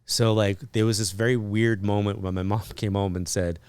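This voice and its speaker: A man with a fairly low voice tells a personal story as a podcast guest, chatty and loose, sprinkling in fillers. He acts out bits of remembered dialogue with lively energy. The sound is dry and close, with no room echo. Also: normal speed, smooth. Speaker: podcast guest, psychic medium. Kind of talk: casual storytelling interview.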